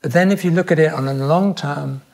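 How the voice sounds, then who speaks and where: An older man talks in a relaxed podcast conversation. His voice is gravelly and sits a little high for a man, and he searches for words, restarting his sentences as he thinks aloud. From England. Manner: thoughtful, with halting restarts. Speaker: podcast guest. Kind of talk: reflective conversation.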